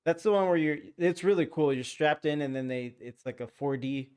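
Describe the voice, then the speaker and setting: A man co-hosting a casual movie chat, relaxed and chatty, swearing now and then. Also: a little high, brisk, clean tone. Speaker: podcast co-host.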